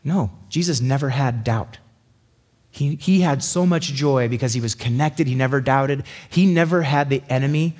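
A man's voice: fairly high pitch, breathy edge. Chatty man preaching a casual sermon. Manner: chatty and animated, acts out little voices.

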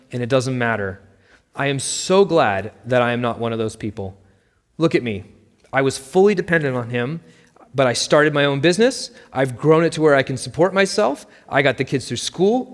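A man voicing a self-absorbed, ambitious middle-aged mother who talks in a brisk, dismissive way. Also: on the high side, lightly acted. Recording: long reverb.

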